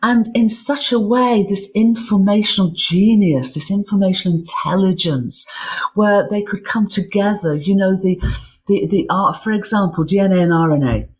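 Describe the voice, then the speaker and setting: A woman's voice: medium pitch, moderate pace. A woman being interviewed as an author, explaining science with enthusiasm and often repeating words as she builds her thoughts. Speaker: guest author and physicist. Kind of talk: interview conversation.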